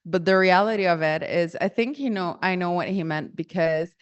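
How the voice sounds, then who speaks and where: A woman's voice: fairly low pitch, normal speed, clear, resonant tone, no echo. A young woman from Guatemala, telling a family story in a casual, rambling way and often correcting herself mid-sentence. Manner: rambling, self-correcting, acts out quoted voices. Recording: dull lo-fi audio.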